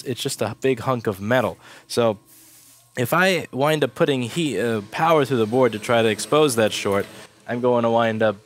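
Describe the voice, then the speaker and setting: A man with a stuffy cold walking through a circuit board repair at his workbench, blunt and swearing when annoyed. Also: medium pitch. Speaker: repair technician. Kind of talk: casual repair walkthrough.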